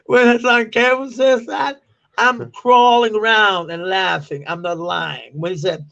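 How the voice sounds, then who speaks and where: A Danish-native man in his forties chats casually on a live stream with a high, gravelly voice and an unhurried pace. He laughs and swears freely and mocks slang in loud, squeaky quotes. The stream audio is dull and lo-fi. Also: steady tone. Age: 40s.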